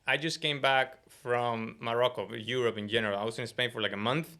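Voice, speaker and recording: A man from the United States, a guest in a casual interview, telling stories in a fast, chatty and animated way. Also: mid-range voice. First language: English.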